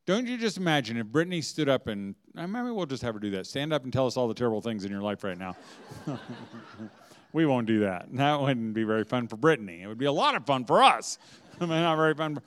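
A man's voice: mid-range voice, sing-song, fast. A middle-aged man giving a humorous, inspirational talk to a homeschooling audience, chatty and often laughing as he acts out dialogue. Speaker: speaker at a homeschooling event.

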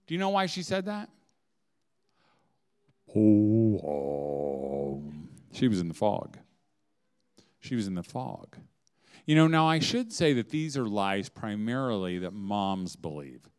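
A man speaking to a room of mothers, telling humorous stories with lots of laughter and big swings in loudness. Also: fairly low pitch, very animated, normal speed, smooth. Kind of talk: humorous talk to a live audience. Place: room with an audience.

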